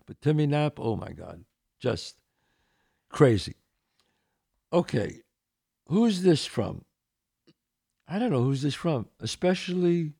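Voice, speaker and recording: A middle-aged man hosting a podcast, answering listener questions and telling lively neighborhood stories. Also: mid-range voice, creaky. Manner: animated, acts out quoted voices in a story. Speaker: podcast host.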